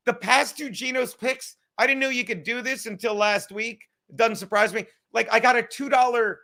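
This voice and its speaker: New man, high bright voice, profane rambling livestream host. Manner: rambling, excitable, swears a lot, laughs often. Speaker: podcast host. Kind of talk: casual profane livestream chat.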